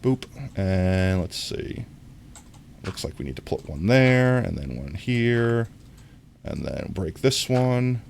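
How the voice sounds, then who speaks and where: Young man, low voice, very lively pitch, casual livestream chatter, rambling, self-correcting. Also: a little hiss or hum. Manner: excitable when greeting viewers. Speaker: streamer. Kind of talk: casual gaming livestream chat.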